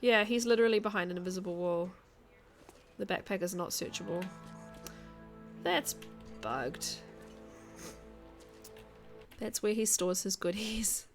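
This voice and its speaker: A woman streaming a video game, chatting casually with her viewers and thinking out loud as she plays. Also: mid-range voice, a little slow, pauses often, soft background music. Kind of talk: casual chat while playing a game.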